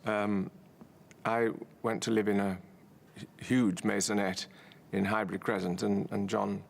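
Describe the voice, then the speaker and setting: An older man in a documentary interview, fondly recalling an old friend in a halting way, laughing now and then. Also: on the low side, level tone, creaky. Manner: halting, fond, laughs often.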